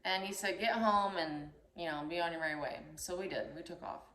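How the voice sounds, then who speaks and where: A young woman telling a story in casual chat, animated and acting out the voices in it. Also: lowish voice, brisk. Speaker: storyteller host. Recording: echoey room.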